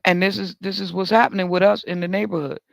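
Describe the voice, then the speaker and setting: A man, talk show host telling a story in a casual, animated monologue. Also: quick pace, gravelly, no room sound. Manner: animated, swings up high when joking about himself.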